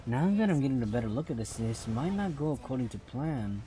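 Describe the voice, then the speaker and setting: A man's voice: medium pitch, sing-song, brisk, dark tone, slight background noise. A man streaming a mobile game, rambling through casual commentary and often repeating himself.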